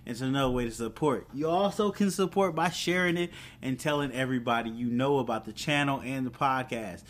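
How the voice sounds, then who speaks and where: A man hosting a podcast, casually recapping a TV episode with excitement and quoting the characters' lines as he goes. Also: mid-range voice, a little fast. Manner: excited, animated retelling with quoted lines. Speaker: podcast host.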